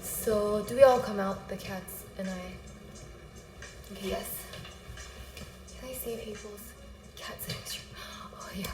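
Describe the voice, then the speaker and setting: A woman's voice: medium pitch, steady tone, measured pace, long pauses, heavy background noise. Sick, rambling woman streamer in echoey room. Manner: rambling, apologetic, easily sidetracked. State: sick and out of breath. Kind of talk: casual livestream chat. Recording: echoey room, faint music behind.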